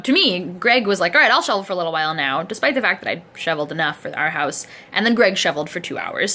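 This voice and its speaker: Woman vlogger, bright voice, a bit low, rambling chatty diary delivery, sounds sore and achy. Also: slight background noise. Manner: chatty, rambling, self-deprecating. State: sore and aching. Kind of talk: casual video diary. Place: indoors at a friend's home, seated in a chair. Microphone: camera close to the face.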